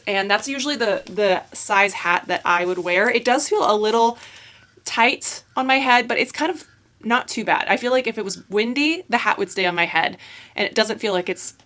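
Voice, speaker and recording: Bright, gushing woman vlogger. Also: mid-range voice. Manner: chatty, gushing, many filler likes. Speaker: fashion YouTuber. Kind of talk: casual try-on haul chat.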